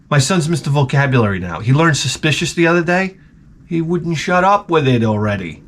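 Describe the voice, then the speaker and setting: A man's voice: a little high, sing-song, a little fast, a bit bright. A man vlogging with the flu, telling a comedic story in an exasperated, rambling, profane way. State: sick with the flu.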